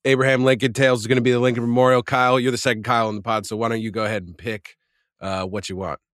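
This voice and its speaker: Male podcast producer, mid-pitched and quick, wry deadpan banter. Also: dry recording, studio quality. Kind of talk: casual banter.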